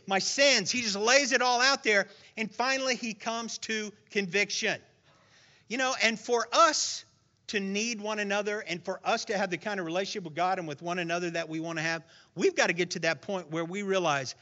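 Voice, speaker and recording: A man preaching a sermon to his congregation, swinging from hushed asides to emphatic, raised points. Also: high voice, fairly quick, dull audio. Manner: acts out voices in retold scenes. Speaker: pastor. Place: church room with congregation.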